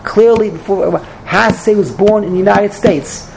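Animated woman teaching a Torah lecture. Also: normal speed, creaky, a little hiss or hum, rough recording. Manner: animated storytelling, sudden high exclamations; mixes Hebrew and Yiddish terms.

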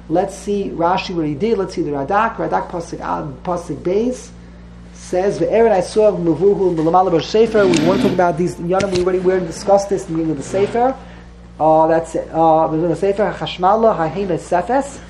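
A woman's voice: on the low side, dark tone, a little hiss or hum, low-quality recording. A woman teaching a religious text class to students, explaining patiently and often repeating and correcting herself.

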